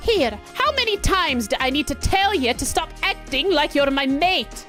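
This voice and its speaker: A woman voicing a sassy schoolgirl with an attempted Scottish accent, speaking slowly and haltingly. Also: high voice, expressive, a bit bright, faint music behind. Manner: slow, halting delivery.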